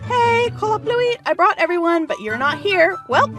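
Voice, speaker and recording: A woman's voice: a little high, sing-song, a little fast, over music. A woman playing a cheeky, boastful young girl. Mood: defiant. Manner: cheeky and boastful, squealing exclamations.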